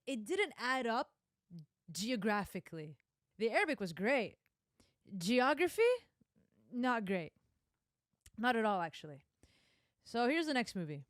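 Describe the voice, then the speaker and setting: A young woman streamer giving casual reaction commentary on film clips, animated and emphatic, with frequent asides. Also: a little high, no echo, clean studio sound.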